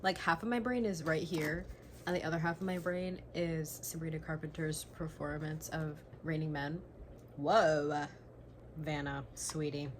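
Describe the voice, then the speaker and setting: Young female book vlogger, lowish voice, excitable gushing reactions, swears and whispers, faint background hum. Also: a little slow. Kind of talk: casual reading vlog reactions.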